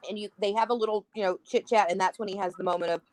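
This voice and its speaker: A woman's voice: medium pitch, rapid-fire, dry recording, rough recording. A woman chatting casually about a film on a podcast, acting out the characters' lines as she retells scenes. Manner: animated, acts out quoted lines. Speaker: podcast guest.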